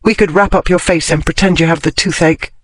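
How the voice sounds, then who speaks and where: A man reading a storybook voices a clever, bossy young girl who talks briskly. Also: on the high side, fairly even intonation, dry recording, close to an everyday voice.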